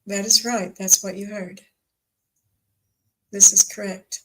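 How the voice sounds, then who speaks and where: Gentle spirit guides address the living in unhurried, measured phrases, voiced by a woman in her own register. The delivery is calm and reassuring, with long pauses between words. It sounds like a spiritual channelling session. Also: medium pitch, slight background noise, poor audio. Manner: slow, measured, reassuring pronouncements. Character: calm group of spirit guides speaking as one.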